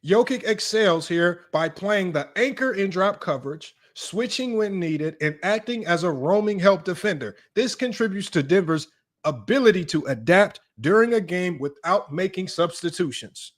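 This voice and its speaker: A man's voice: high-pitched, animated, moderate pace. A man hosting a sports debate show, reading statistics aloud and taunting his critics in a combative, mocking way. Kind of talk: reading stats and ranting to viewers.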